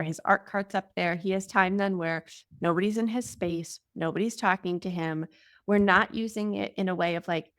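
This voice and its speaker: A young adult woman answering interview questions as a parenting guest, explaining in a casual, warm way with many filler words. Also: lowish voice, fairly even intonation, normal speed, no echo, clean studio sound.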